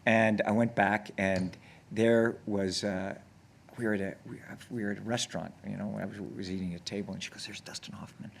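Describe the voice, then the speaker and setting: A man guest on stage, telling long rambling anecdotes with many restarts and growing excited as he goes. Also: fairly low pitch, a little fast, creaky, a little hiss or hum. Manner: grows excited and laughs when telling stories. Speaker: actor guest. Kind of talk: casual on-stage conversation. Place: on stage before an audience.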